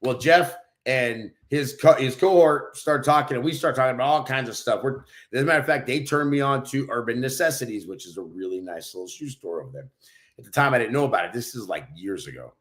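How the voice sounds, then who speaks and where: Loud brash guy on a podcast, swears a lot, telling stories. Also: mid-range voice, lively intonation, a little fast. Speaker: podcast co-host. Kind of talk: casual chat, storytelling.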